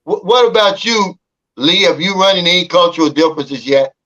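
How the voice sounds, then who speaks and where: A man leads a relaxed panel conversation in a fairly high voice. He talks loosely and colloquially, chuckling as he turns to each guest. The recording sounds dull and lo-fi. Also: a little fast. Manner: laughs easily, colloquial, asks panelists by name. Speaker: panel host. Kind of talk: casual panel chat.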